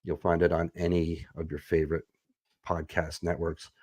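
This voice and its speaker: A man's voice: deep voice, flat delivery, moderate pace, darkish tone, dry recording, clean studio sound. A man co-hosting a casual music podcast, rambling and self-deprecating, talking into a desk mic at home. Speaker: podcast co-host; bass player. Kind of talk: casual chat. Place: echoey home room. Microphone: desk USB microphone.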